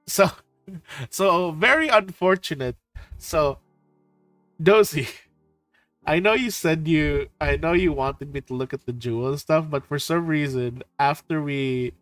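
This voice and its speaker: A man from the Philippines hosts a casual chat with his viewers, excitable and quick to swear or laugh. His voice sits a bit high, and he talks at an unhurried pace. Faint music plays underneath. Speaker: streamer host. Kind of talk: casual chat to viewers about trip photos.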